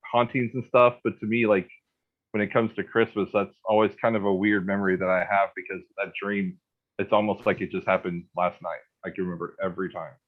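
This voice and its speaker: In narrow, tinny audio, a low-voiced man in his thirties delivers a personal ghost story flatly and fairly quickly. The casual telling rambles, with restarts, repeated words, and frequent "like."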